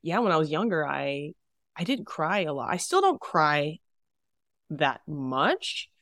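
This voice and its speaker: A woman talking casually as a podcast guest, animated, laughing often and acting out her own inner thoughts. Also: deep voice, slow pace, no echo, studio quality. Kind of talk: casual conversation.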